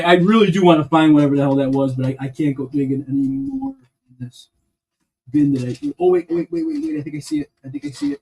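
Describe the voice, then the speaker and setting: An excitable man with a slightly husky, fairly high voice talks casually to his viewers as he digs through a bin of toy bricks. He rambles, jumps from thought to thought and swears lightly when something goes wrong. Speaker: LEGO reseller vlogger. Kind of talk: casual sorting commentary.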